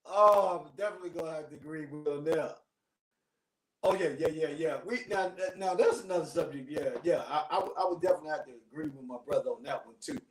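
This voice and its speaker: A man's voice: fairly high pitch, fast, recorded from a distance. A man sits in as guest host of a casual live talk show, rambling through his points with plenty of restarts and fillers. He sounds set back from the microphone. The room around him is echoey. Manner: rambling, repeats himself, frequent ums and restarts.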